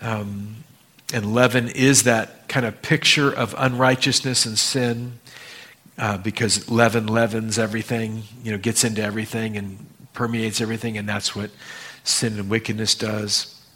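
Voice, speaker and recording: A man's voice: lowish voice, level tone, moderate pace, pushed and bright. A man teaching a Bible study in a casual, explaining way, with frequent fillers and asides to his listeners.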